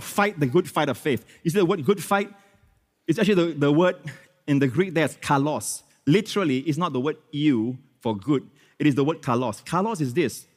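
A male pastor preaching a sermon, his fairly high voice ringing out with long reverb in a church hall. He swings from emphatic exclamations down to hushed, prayerful lines. He repeats phrases and scatters hallelujahs and amens throughout.

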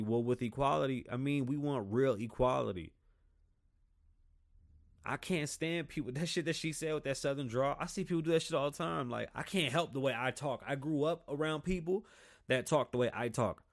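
A man hosting a podcast, ranting in a profane, heated solo monologue, often mocking people in loud voices. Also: mid-range voice, normal speed, vocal fry, no room sound, studio quality. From United States. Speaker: podcast host.

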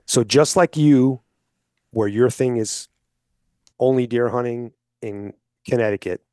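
A man speaking as a podcast guest, persuasive and explanatory, often checking in with listeners with a quick "okay?". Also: medium pitch, mellow, no room sound, studio quality. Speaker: hunting advocate guest. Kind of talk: casual podcast conversation.

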